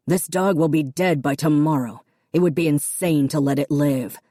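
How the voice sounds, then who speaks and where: A woman's voice: low voice, moderate pace, warm tone, no echo, clean studio sound. A woman narrator voicing a harsh, wealthy middle-aged father who talks in curt, contemptuous snaps. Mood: snarling. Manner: snapping, clipped and contemptuous.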